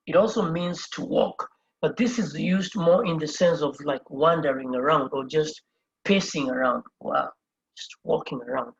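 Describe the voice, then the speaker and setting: Indoors at a whiteboard, a Spanish teacher patiently spells out each word letter by letter and repeats every term, explaining step by step. The voice is mid-range, creaky, with a breathy edge, and the audio sounds dull.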